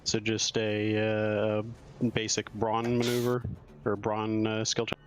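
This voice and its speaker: A man playing a tabletop game, speaking hesitantly with frequent pauses. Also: lowish voice, completely flat delivery, soft background music. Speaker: player. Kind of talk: casual tabletop game play.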